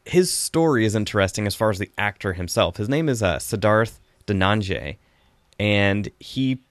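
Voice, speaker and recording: A man's voice: fairly low pitch, no echo, studio quality. A man hosting a casual podcast chat, reviewing a film in a rambling, chatty way with frequent laughs.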